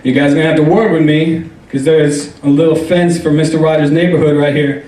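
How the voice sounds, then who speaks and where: A man's voice: a little high, fairly even intonation, brisk, a little mellow. A young man doing a stand-up comedy set on a club stage, rambling and self-deprecating, with lots of fillers. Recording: roomy club, distant mic.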